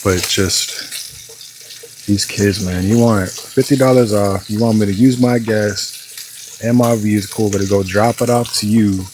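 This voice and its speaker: A young man with a lowish voice rambles through a story as he cooks at home, swearing freely and sounding fed up. Frying food and faint noise sit behind him in the kitchen. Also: steady tone, unhurried. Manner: profane, exasperated storytelling with lots of fillers. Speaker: vlogger. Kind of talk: casual storytelling vlog while cooking.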